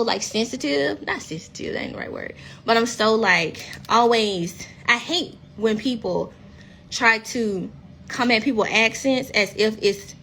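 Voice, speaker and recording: A woman talking straight into her phone on a livestream, her voice sitting fairly high. She tells it blunt and unfiltered, cursing casually as she goes, with a faint hiss under the audio. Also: a bit bright. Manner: candid, blunt, profane storytelling. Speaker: reality TV cast member.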